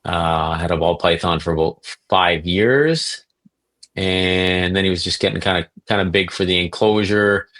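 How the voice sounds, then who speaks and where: A man from Canada, a reptile breeder and podcast guest, telling animated stories and acting out quotes. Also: deep voice, normal speed. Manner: animated storyteller, acts out quotes. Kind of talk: casual podcast storytelling.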